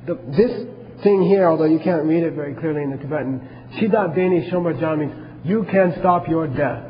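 A man's voice: fairly high pitch, brisk, in a large hall, muffled recording. A man teaching a class on Buddhism, talking casually and asking his listeners questions as he goes.

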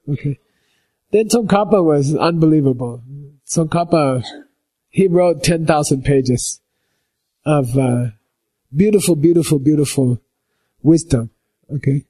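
Slow, husky-voiced man teaching meditation. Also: medium pitch, a little mellow. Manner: keeps checking in with "okay?" and homely examples. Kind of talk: slow explanatory teaching talk.

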